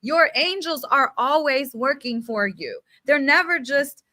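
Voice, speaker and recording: A young woman giving an unfiltered spiritual pep talk in casual slang, emphatic and animated, with mild swearing. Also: sits high, measured pace, no room sound, studio quality. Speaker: spiritual self-help speaker. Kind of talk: unfiltered motivational rant.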